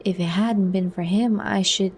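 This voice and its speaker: A man's voice: high-pitched, fairly even intonation, moderate pace, a little hiss or hum. A woman voicing a nervous, apologetic young man with a hesitant manner in a whispered role-play. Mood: earnest.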